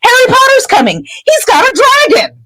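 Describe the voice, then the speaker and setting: Woman putting on a shrill, pleading tattletale boy, high pitch. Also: big pitch swings, brisk, bright, forceful tone, full character voice. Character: whiny tattletale schoolboy.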